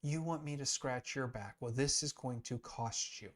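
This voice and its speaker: Sly, mocking Roman governor bargaining for favors, pitched higher and pushed louder, put on by a male teacher. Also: normal speed, natural voice.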